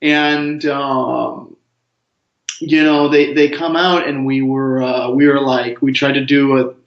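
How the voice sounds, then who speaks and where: In a relaxed interview, a male comics writer slowly spins a meandering tale, cracking lively jokes in a mid-range voice. The sound is lo-fi, dull and roomy.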